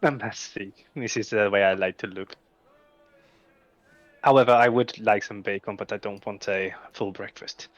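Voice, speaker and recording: A man's voice: lowish voice, steady tone, normal speed, no room sound, dull audio. A man playing a tabletop role-playing game, laughing often and answering in a prim, polite character voice. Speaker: player. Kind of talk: casual tabletop role-play.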